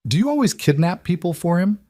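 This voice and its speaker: A man's voice: high voice, very animated, a little fast, mellow, no room sound, voice pushed up. A bitter young woman held against her will throws back cutting retorts, as a man puts her on with a lifted voice. The sound is close and dry. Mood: defiant. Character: defiant trapped young woman, bitter and sharp-tongued.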